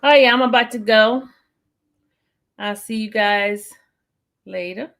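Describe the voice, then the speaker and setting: A woman's voice: fairly high pitch, unhurried, a bit bright. A middle-aged woman hosting a live stream, chatting casually and laughing with viewers she calls y'all. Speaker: livestream host. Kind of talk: casual livestream chat.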